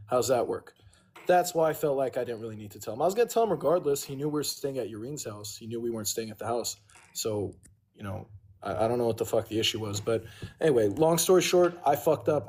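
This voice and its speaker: A man's voice: mid-range voice, fast, a little mellow. Casual swearing man telling a long story. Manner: rambling, profane, owns his mistakes. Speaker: livestream host.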